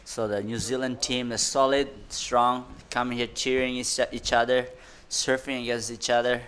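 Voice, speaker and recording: A man calling a surf contest live, excitable and chatty, with loose, informal grammar. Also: mid-range voice, normal speed. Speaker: surf commentator. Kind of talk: live sports commentary.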